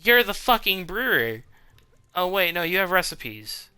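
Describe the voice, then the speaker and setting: A man's voice: high-pitched, big pitch swings, a little slow, bright, forceful tone, clear, resonant tone, no echo. A man streaming a game who chats casually, swears freely and talks back to the characters on screen. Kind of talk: casual live gameplay chat. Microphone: desk microphone.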